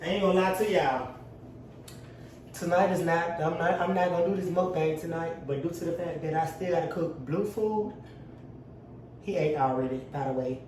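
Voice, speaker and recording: A cooking vlogger in his home kitchen talks directly to his viewers, loose, profane and joking even though he's stressed. His voice sits on the high side and is a little mellow, with a moderate pace. The mic is distant in an echoey room, and there's a faint hiss or hum.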